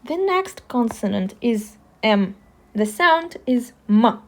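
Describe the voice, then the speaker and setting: A woman with a Russian accent teaching the alphabet in a slow, careful lesson, pausing often to spell out sounds. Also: fairly high pitch, sing-song. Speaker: language teacher.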